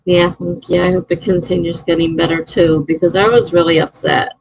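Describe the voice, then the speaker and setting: A woman's voice: lowish voice, fairly even intonation, fairly quick, vocal fry, a little mellow, breathy edge, no echo, low-quality recording. A middle-aged woman chatting casually on a live stream, answering chat messages and laughing often.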